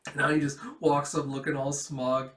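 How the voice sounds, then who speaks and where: A man casually retelling a comic chapter aloud, animated and laughing as he acts it out. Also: medium pitch, normal speed, recorded from a distance. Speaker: manga reader and reviewer. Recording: echoey room.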